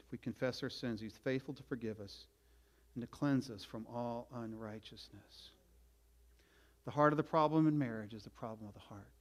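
A middle-aged man preaching a sermon as a pastor, earnest, swinging from loud urging to quiet, confessional passages. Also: on the high side.

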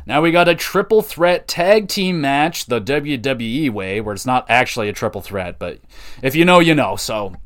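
A man hosts a solo wrestling podcast in a loose, rambling way. He leans on fillers and drops casual swear words as he goes. His voice sits at an everyday middle pitch. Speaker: podcast host reviewing wrestling.

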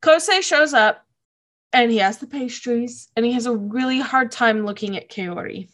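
A woman's voice: a little high, normal speed, a bit bright. Gushing woman recapping a show. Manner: emotional, gushing, laughs often, many likes. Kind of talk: casual episode recap.

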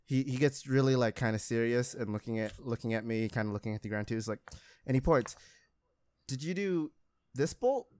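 A man's voice: medium pitch, steady tone, fast talker, a little mellow, clean tone. A young man casually telling a long story about a mishap at his auto shop job, rambling, laughing and mocking himself.

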